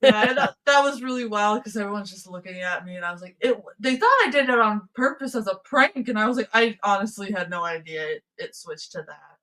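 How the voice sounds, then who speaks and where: A woman's voice: mid-range voice, a little fast, few pauses, pushed and bright, low-quality recording. A woman hosting a casual livestream, telling rambling stories and laughing often. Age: adult, past high school. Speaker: livestream host. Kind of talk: casual chat with viewers.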